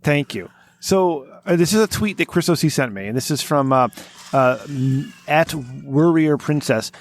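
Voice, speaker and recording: A man hosting a casual podcast chat over a call, talking in a profane, animated way and laughing often. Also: a little high, moderate pace. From Italian-American. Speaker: podcast host.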